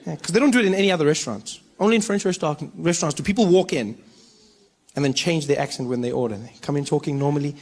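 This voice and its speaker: South African comedian telling stories on stage. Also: male voice, on the high side, very fast. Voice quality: animated storytelling, playing many voices. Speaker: stand-up comedian. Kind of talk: stand-up comedy. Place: stage in front of a live audience. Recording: live stage recording with faint noise.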